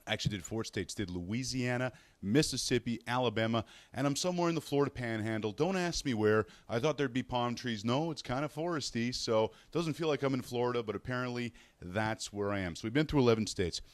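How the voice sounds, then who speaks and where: A Canadian man hosting a fantasy sports radio show from a hotel room, telling road stories in a chatty, animated way and acting out the people he quotes. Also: mid-range voice, a little fast, few pauses, no echo. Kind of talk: casual solo show, storytelling.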